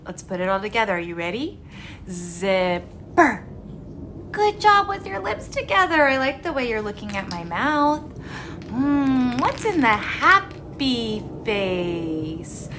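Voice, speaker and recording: A woman's voice: fairly high pitch, big pitch swings, takes it slowly, noisy background. A woman speech therapist leading a word practice lesson for young children, talking in an exaggerated, encouraging sing-song with frequent gasps and carefully modeled words.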